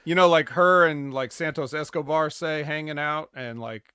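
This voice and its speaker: A man's voice: on the high side, moderate pace, bright, forceful tone, clean tone, no room sound, studio quality. A man co-hosting a wrestling podcast, telling stories in a rambling casual chat full of fillers. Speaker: podcast co-host.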